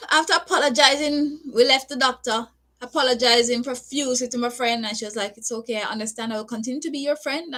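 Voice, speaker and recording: Woman, Jamaican accent, personal vlog storytelling, crisp bright tone, candid, Patois phrases. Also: on the high side. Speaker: vlogger. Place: living in Japan.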